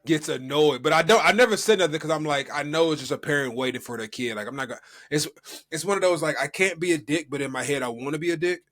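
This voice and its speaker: A man's voice: fairly high pitch, quick pace, a bit bright. A young American man co-hosting a podcast, telling a story in a loose, rambling way full of fillers and restarts. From United States. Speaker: podcast co-host. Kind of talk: casual chat.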